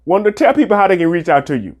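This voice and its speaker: A man's voice: high voice, very animated, rapid-fire. Upbeat man hosting a podcast. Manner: enthusiastic, affirming with short interjections. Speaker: podcast host. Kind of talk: casual podcast chat.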